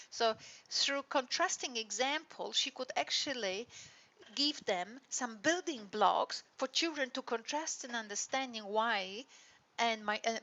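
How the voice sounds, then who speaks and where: A woman's voice: fairly high pitch, sharp tone, highs cut off. A woman lecturer explaining a teaching model in a recorded lecture, often checking in with tag questions. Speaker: university lecturer.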